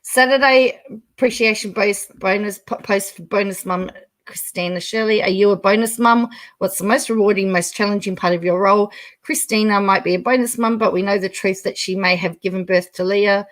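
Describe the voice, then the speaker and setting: A woman's voice: medium pitch, fairly even intonation, a little fast. A middle-aged Australian woman hosting a casual livestream, reading viewer comments aloud, chatting and laughing often.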